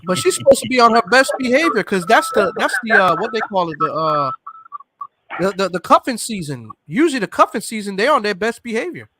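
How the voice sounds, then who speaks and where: A man hosting a casual chat, emphatic and quick to agree. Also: high voice, sing-song, sharp tone, a little hiss or hum. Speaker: host.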